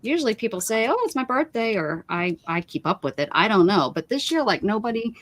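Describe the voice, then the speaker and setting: A woman's voice: medium pitch, very animated, fairly quick. A woman hosting a craft livestream, chatting casually and ranting emphatically about her pet peeves. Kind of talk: casual chat.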